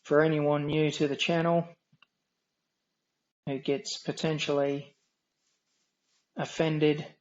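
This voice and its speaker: An Australian man with a nasal, droning voice, giving dry, wry, unhurried commentary while streaming a game. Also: fairly high pitch, little pitch movement, lo-fi sound. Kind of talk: casual gameplay commentary.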